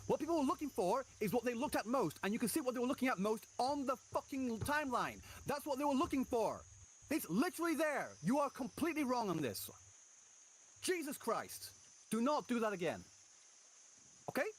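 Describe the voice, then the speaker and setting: A man's voice: very high-pitched, very animated, brisk, slightly rough. A man in a heated argument, furiously swearing at and berating the person he is talking to. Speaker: streamer in a heated discussion. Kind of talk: angry argument.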